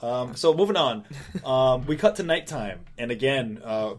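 A man's voice: mid-range voice, lively intonation, normal speed. A man co-hosting a casual podcast, recapping a comic in a rambling way with lots of fillers. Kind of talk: casual chat, retelling a comic.

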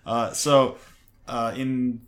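A man in a casual podcast chat about comics, relaxed in tone and quick to correct details. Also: medium pitch, a crowd in the background. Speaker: podcast co-host. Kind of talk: casual comic book discussion.

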